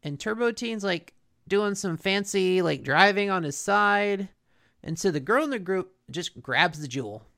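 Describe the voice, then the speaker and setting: A young woman chats casually as a podcast co-host, retelling a cartoon plot with quoted voices. Her pitch moves a lot and her voice carries a gravelly fry. The sound is dry and close. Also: a little slow, dry recording. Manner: animated storytelling with quoted voices. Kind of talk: casual chat recapping a cartoon.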